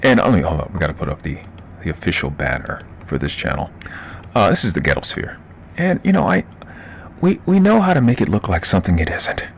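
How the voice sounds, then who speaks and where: A man's voice: deep voice, big pitch swings, brisk, vocal fry, slight background noise. A man from Baltimore with a Baltimore accent, chatting casually and profanely on a livestream while answering chat. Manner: loose, profane, laughing, reading chat aloud. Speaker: livestream host.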